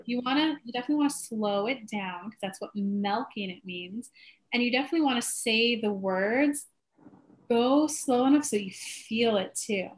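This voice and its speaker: A woman coaching a client, animated when acting out others' words and softer when guiding. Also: fairly high pitch, normal speed. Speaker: spiritual coach. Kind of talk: coaching session.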